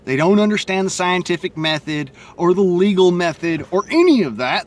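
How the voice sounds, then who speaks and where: In a casual monologue to camera, a Southern vlogger with a stutter speaks bluntly and profanely into his cell phone, rambling as he goes. His high voice is expressive, moderately paced, with hardly any pauses.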